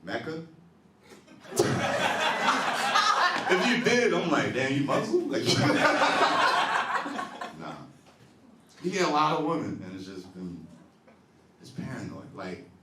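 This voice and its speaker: A man's voice: medium pitch, moderate pace, pauses often, very noisy. A young man doing a stand-up set in a comedy club, laughing often and working the crowd. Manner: animated, laughing, talks back to the audience. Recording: roomy live club recording from a distance.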